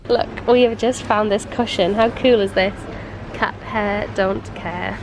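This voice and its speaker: A woman's voice: medium pitch, steady tone, measured pace, background noise. A woman with a cold, chatting and rambling in a casual home vlog, sniffling and giggling as she loses her train of thought. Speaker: vlogger. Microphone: handheld compact camera.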